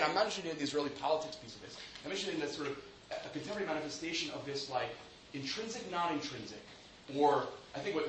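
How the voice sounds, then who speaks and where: A man's voice: fairly high pitch, a bit bright, a little hiss or hum. A man giving an academic lecture to a class. He thinks aloud, often restarts his sentences and checks in with tag questions. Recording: echoey room with faint ambience.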